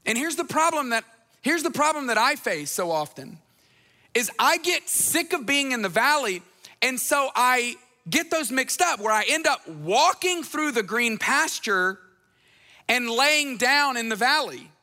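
High, bright-voiced man preaching. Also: sing-song, unhurried, big-room sound. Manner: conversational preaching with playful voices for quoted people. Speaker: pastor. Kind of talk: sermon.

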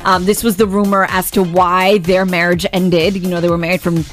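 A woman's voice: fairly low pitch, little pitch movement, soft background music. Woman co-hosting radio entertainment news. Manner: teasing, brisk news delivery. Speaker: radio show co-host reading entertainment news. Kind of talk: casual radio banter.

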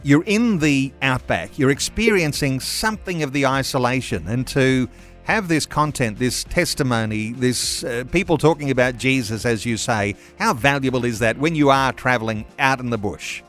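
A man's voice: mid-range voice, moderate pace, fairly bright tone, faint music behind. A man hosting a radio interview and encouraging his caller. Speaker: radio host.

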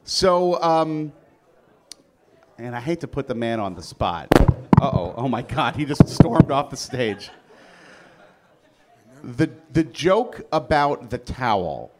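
A man's voice: medium pitch, big pitch swings, takes it slowly, pauses often, noisy background. A man hosting a live podcast taping, talking in a rambling, playfully teasing way. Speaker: host.

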